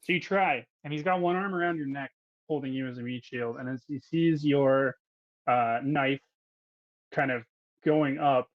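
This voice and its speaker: A man narrating a tabletop game as game master, in a casual, halting way with many fillers. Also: medium pitch, dry recording. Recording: dull, dry audio.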